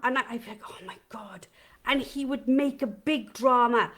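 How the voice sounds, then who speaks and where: A woman's voice: high-pitched, steady tone, normal speed, a bit bright. A middle-aged woman talks casually on a live stream from her home. She rambles from point to point, adds asides and keeps asking her viewers questions. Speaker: dog trainer hosting a live session. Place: home, with dogs in the kitchen.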